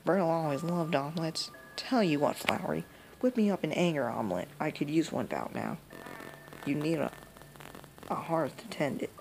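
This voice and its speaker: A woman's voice: deep voice, animated, normal speed, creaky. A woman voicing a folksy, grieving old grandmother from a video game, reading the dialogue in a drawling way. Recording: noisy home recording.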